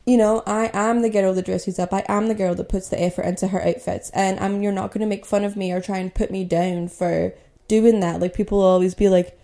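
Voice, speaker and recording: A woman's voice: medium pitch, fairly even intonation, a little fast, gravelly, warm tone. A young woman from Scotland hosting a podcast, telling a personal story in a candid, conversational way with lots of "like" and "you know". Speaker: podcast host.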